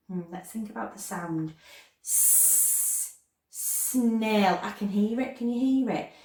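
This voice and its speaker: A woman teaching a children's phonics lesson, slowly stretching out word sounds and asking lively questions to young learners at home. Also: fairly high pitch, roomy sound, distant mic. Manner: slow, exaggerated sounding-out of words; animated, sing-song questions to children. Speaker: primary school teacher.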